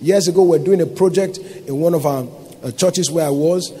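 A man with a Nigerian accent preaches a sermon, his voice sitting high for a man. He drives his points home emphatically and keeps firing rhetorical questions at the congregation. A faint ambient noise runs behind him. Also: fairly quick, warm tone. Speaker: pastor.

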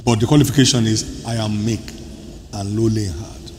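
A man preaching a sermon as pastor, emphatic, with sudden loud bursts and soft drops. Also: lowish voice, steady tone, brisk. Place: large church hall. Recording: large hall, reverberant, faint room noise.

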